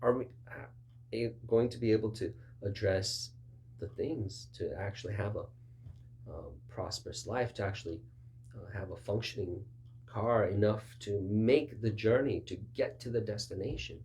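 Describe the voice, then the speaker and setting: A man's voice: normal speed, a little mellow. A man preaching in a conversational sermon style, acting out little back-and-forth dialogues in a raised voice. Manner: conversational, acts out both sides of dialogues with raised pitch. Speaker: pastor.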